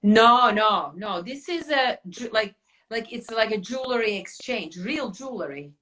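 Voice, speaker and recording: A chatty woman hosting a casual podcast chat, her voice bright and forward. She rambles a little, with plenty of "like" and restarts. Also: fairly high pitch, expressive, unhurried. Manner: chatty, many fillers and restarts. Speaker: podcast host.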